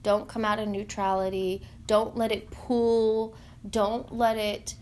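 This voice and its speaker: A woman in an earnest, heartfelt spiritual monologue, halting and searching for words with many fillers. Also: mid-range voice, flat delivery, darkish tone, slight background noise.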